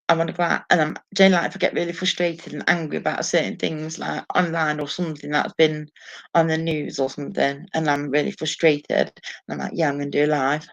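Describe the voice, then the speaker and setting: This woman's voice is low-pitched with vocal fry. She's by herself at home running a relaxed live stream, answering viewer comments amid plenty of cursing and laughter, captured in dull lo-fi audio.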